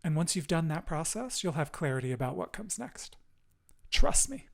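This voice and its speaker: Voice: medium pitch, big pitch swings, normal speed, gravelly. A podcast host speaking in an affirming, encouraging and emotive way during a casual chat.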